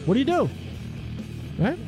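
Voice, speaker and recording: A man's voice: extremely high pitch, big pitch swings, normal speed, over music. A man hosting a sports radio show, arguing his points emphatically and repeating words as he builds up.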